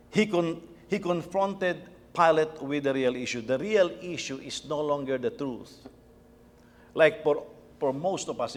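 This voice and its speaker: A middle-aged male pastor giving a conversational sermon, repeating words as he tells stories about his family. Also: fairly high pitch. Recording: long reverb of a church hall.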